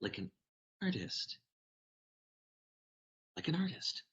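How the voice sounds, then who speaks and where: A man voicing a gentle, encouraging girl artist. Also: high-pitched, wildly swooping pitch, very slow, vocal fry, highs cut off, voice pushed up, heavily acted.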